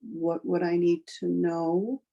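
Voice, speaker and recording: A woman receiving a spiritual reading, speaking slowly and carefully. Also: fairly low pitch, little pitch movement, gravelly, warm tone, highs cut off.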